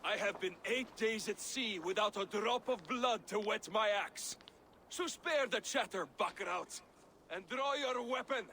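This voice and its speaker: A brash Viking warrior in a video game, gruff and blunt, with a fairly high voice. Steady noise sits under the game audio. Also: male voice, measured pace. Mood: eager. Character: hungry, brash Viking warrior, adult man. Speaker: game character.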